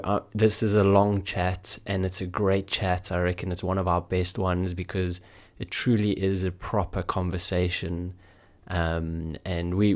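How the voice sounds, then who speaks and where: A man with a very deep voice co-hosts a podcast. He talks in a friendly, casual way, filling pauses with "uh" and "I guess.". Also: darkish tone. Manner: friendly, hesitant fillers. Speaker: podcast co-host. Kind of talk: casual chat.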